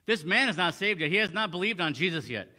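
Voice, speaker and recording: Quick and lively, with a high, bright, forceful voice, the preacher reads old-English verses aloud. His conversational sermon on the passage is full of restarts.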